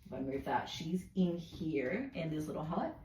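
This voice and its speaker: Chatty low-voiced Australian woman. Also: lively intonation, moderate pace, darkish tone. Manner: chatty, rambling, talks to pets in sing-song baby talk. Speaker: pet vlogger. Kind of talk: casual chat while cleaning. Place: indoors at a large pet cage. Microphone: phone camera resting on a cage shelf. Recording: echoey room, faint noise.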